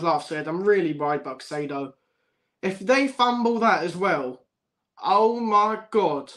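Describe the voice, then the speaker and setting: High-voiced lad ranting, swearing. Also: male voice, a bit bright. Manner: swears a lot, laughs often, says bruv constantly. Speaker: football fan livestream host. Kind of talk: casual livestream chat.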